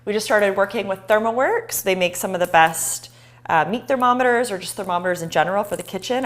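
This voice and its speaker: A woman hosting a live cooking show, chatting and encouraging viewers as she chops. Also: lowish voice.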